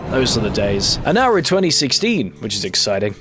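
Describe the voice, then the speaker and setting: A man's voice: medium pitch, very animated, a little fast, a bit bright, faint music behind. Chatty young man commentating a card game. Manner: chatty, rambling and self-deprecating. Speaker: let's play host. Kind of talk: casual gameplay commentary.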